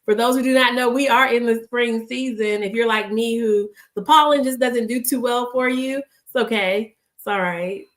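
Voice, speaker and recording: A woman's voice: fairly high pitch, fairly even intonation, normal speed, few pauses. Woman hosting an upbeat ministry stream. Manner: upbeat, blessing viewers, easygoing fillers. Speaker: ministry host. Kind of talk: casual encouraging devotional talk.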